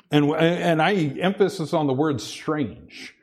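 Earnest preaching man, slightly high voice. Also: animated, measured pace, darkish tone, slightly rough. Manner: earnest preaching with frequent repetitions and restarts. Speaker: pastor. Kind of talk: sermon.

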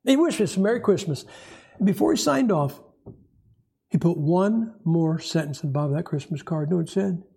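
A middle-aged man preaching a sermon, telling stories in a wry, animated way with a husky voice. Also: on the high side, brisk. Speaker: pastor.

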